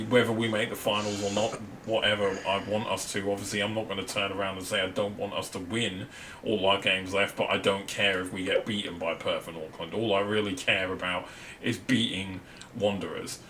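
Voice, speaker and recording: A man's voice: fairly low pitch, little pitch movement, brisk, sharp tone. An Australian man, a podcast co-host, chatting casually and ranting with frequent laughs. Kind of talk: casual chat. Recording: distant mic with faint ambient noise.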